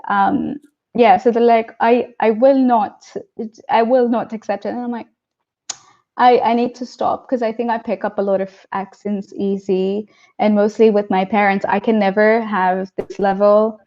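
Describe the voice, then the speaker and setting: Chatty woman guest, mellow voice, kinda muffled audio, laughs a lot. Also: medium pitch. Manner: chatty, laughs often, acts out quoted voices. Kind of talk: casual conversational interview.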